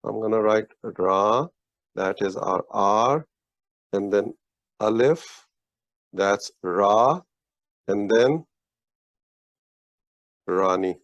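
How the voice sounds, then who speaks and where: Slow, patient man teaching a lesson. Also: lowish voice, no echo. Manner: patient, slow explaining with frequent restarts and praise. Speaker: Urdu teacher. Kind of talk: casual one-on-one language lesson. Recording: dull, lo-fi, dry audio.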